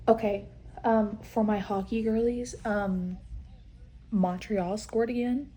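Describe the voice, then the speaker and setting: Brief: woman book vlogger, casual and unhurried, breaks into excited outbursts. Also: medium pitch, a little hiss or hum. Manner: chatty, swears, frequent fillers, excited outbursts. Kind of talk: casual reading vlog chat.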